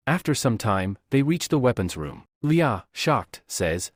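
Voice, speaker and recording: A man narrating a comic story recap in a brisk, matter-of-fact way. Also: mid-range voice, big pitch swings, no room sound, studio quality.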